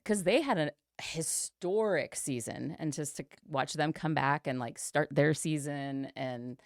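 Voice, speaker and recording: A woman's voice: low voice, unhurried, dry recording, clean studio sound. A woman co-hosting a casual sports podcast, rambling with plenty of ums and likes. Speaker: podcast co-host.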